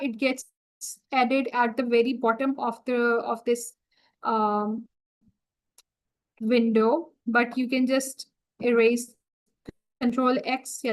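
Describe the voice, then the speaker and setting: A woman walking viewers through a software setup on a screen-share tutorial, talking through each click as she goes. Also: fairly high pitch, rough recording. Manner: slow, explanatory, talks through each click. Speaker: software trainer.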